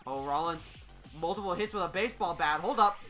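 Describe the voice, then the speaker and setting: A commentator giving casual, excited play-by-play of computer fighting matches. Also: medium pitch, a little fast, faint music behind.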